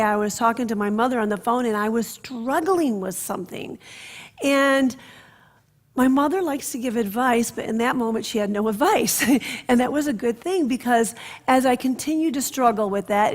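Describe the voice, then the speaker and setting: A woman minister giving a sermon, telling stories in an expressive way that drops to soft, hushed passages. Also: fairly high pitch, moderate pace.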